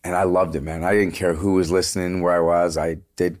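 Telling lively stories a little fast, this Canadian singer is a guest in a casual interview, his speaking voice very low and deep. "Like" and "dude" come up constantly, and he swears now and then.

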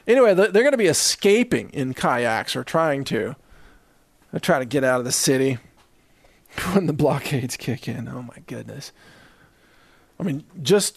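A man's voice: medium pitch, dry recording. A man from the Southern US hosting a ranting monologue, sarcastic and chuckling between jabs. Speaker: host.

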